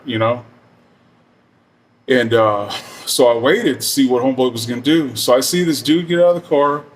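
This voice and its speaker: A man's voice: medium pitch, far from the mic. A middle-aged man telling a story casually, rambling and profane with many fillers.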